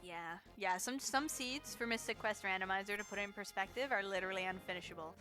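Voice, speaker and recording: Game streamer, woman, bright tone, mid pitch, chatty and quick to laugh. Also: soft background music. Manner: chatty, reacts to chat, laughs often. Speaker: charity marathon streamer. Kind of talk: casual live-stream game commentary.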